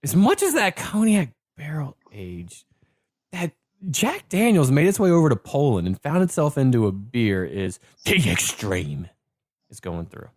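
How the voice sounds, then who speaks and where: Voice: medium pitch, huge pitch swings, normal speed, a little mellow, no room sound, studio quality. A podcast co-host chatting casually, playful and hesitant, with many fillers. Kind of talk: casual chat.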